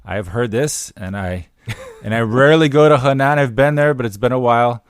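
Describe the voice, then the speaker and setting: Casting: male co-host, relaxed chatty delivery, mid pitch, dry close mic. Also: a little fast, clear, resonant tone, no room sound. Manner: easygoing, chatty, some fillers. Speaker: podcast co-host. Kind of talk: casual podcast chat.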